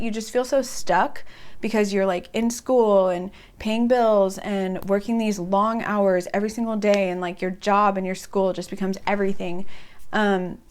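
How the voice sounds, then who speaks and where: Chatty young woman telling a story. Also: clean tone. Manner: chatty, fills talk with "like"; animated, jumps up in pitch when quoting herself. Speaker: vlogger. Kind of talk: casual storytelling to camera.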